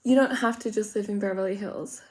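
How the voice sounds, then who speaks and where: A woman's voice: medium pitch, a little fast, background noise. An Australian woman chatting casually and rambling through a makeup tutorial, full of gossipy asides. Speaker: makeup vlogger.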